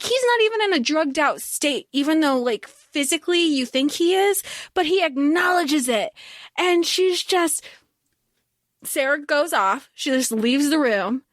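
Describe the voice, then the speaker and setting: A woman's voice: high voice, fairly bright tone, no echo, studio quality. A woman co-hosting a podcast, retelling a book's plot in casual, heated chat and swearing freely. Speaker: podcast co-host. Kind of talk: casual book-discussion chat.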